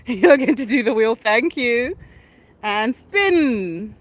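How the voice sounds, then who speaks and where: A woman's voice: on the high side, expressive, drawn-out words, no echo. A woman, a mother, playfully teaching animal words to her small child at home in a sing-song, coaxing way. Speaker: mother and host of a kids' learning video.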